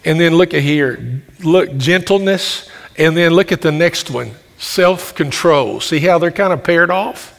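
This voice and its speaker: A man preaching a sermon, telling stories in a loud, carrying voice with many restarts. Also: on the high side, a little slow, creaky. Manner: folksy storytelling with frequent restarts. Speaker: pastor. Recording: long reverb of a hall.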